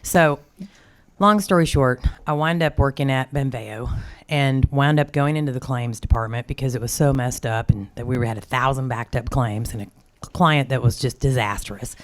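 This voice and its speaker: Rambling storytelling woman from Oklahoma. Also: rumbling low. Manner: rambling, storytelling, acts out quoted greetings. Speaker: audience member at a symposium. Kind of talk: open-forum conference talk.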